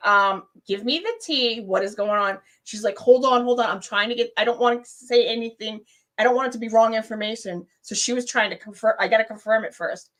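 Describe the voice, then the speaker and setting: Animated woman telling a story on a live stream. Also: medium pitch. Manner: animated storyteller, acts out her own screams and quotes. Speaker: guest. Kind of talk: casual live-stream chat.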